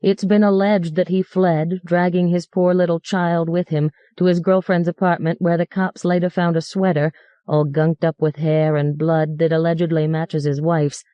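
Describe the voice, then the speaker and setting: A woman reading as a sneering male cabbie who rants and mocks his passengers with fake politeness. His voice sits low and mellow, with a dry close sound and no room around it. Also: flat delivery, normal speed, clean tone, no echo, dull audio, close to an everyday voice. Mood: sarcastic ranting. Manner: mocking, ranting, mock-polite. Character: sarcastic foul-mouthed male New York cab driver.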